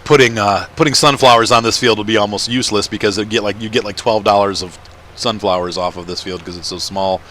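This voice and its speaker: A man's voice: on the low side, fairly even intonation, quick pace, fairly bright tone, a little hiss or hum. A man chatting casually as he plays a farming game at home, rambling and laughing often. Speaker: let's-play gamer. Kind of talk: casual gameplay commentary.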